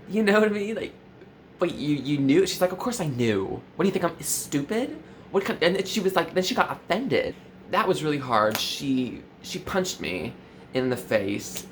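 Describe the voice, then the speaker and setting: A young man talking straight to the camera in a mock-earnest, confessional tone. He leans on valley-girl fillers and his pitch jumps up sharply, while faint noise sits behind him in a small room. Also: a bit bright. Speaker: comedy vlogger. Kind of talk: parody confessional vlog.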